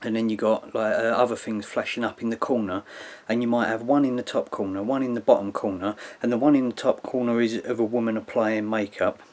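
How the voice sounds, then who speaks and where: A man's voice: on the low side, fairly even intonation, a little fast, a little mellow. Rambling man lecturing. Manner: rambling, with frequent "yeah" and "like" tags; earnest, lecturing. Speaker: video commentator. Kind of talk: casual explanatory monologue.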